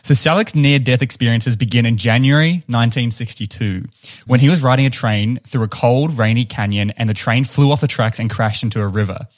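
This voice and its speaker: A man's voice: mid-range voice, a little fast. A man with a New Zealand accent, co-hosting a casual podcast and telling a story with chuckles along the way. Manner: chatty, laughs while telling stories. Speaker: podcast co-host.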